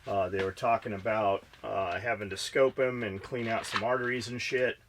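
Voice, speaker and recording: A man's voice: lowish voice, steady tone, normal speed, fairly bright tone, a little hiss or hum. Blunt, swearing man on a podcast. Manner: profane, blunt, fired-up storytelling. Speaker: podcast co-host. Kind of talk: casual podcast chat.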